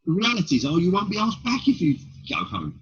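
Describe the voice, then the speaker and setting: Very husky man, blunt storyteller. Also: high voice, huge pitch swings, fairly quick, fairly bright tone. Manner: blunt, rhetorical questions, swearing. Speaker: stand-up comedian. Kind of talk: storytelling in an interview. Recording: dull lo-fi recording.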